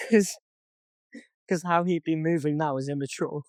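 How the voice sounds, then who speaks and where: Reading out text messages to tell his story, a young podcast co-host swears often in this casual conversation. He speaks at normal speed in a slightly high voice, with no room sound.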